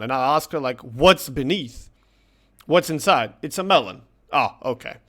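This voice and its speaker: Slow-talking man telling a story. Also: a little high, a bit bright. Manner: chatty, laughs through his story. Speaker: gaming channel host. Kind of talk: casual vlog storytelling.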